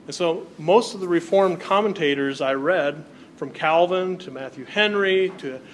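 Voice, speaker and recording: A man's voice: on the high side, moderate pace, a little hiss or hum. A male pastor preaching a sermon, reading Bible passages aloud and explaining them to his congregation. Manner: reads scripture aloud, then explains it to the congregation.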